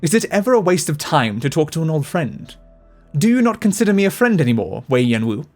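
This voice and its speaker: A man voicing a wry old male fighter who needles an old friend, with a low, dry delivery. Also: very animated, a little fast, darkish tone, faint music behind. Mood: teasing.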